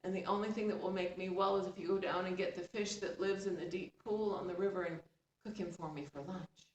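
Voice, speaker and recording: A woman's voice: on the low side, fairly even intonation, muffled recording, natural voice. Woman doing a whiny, scheming stepmother. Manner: slow, drawn-out, whiny. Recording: roomy, distant, faint background hum.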